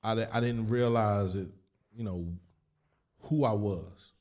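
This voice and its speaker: A middle-aged man from Chester, Pennsylvania, a guest telling his life story candidly, emphatic and animated, full of street slang. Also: fairly low pitch, measured pace.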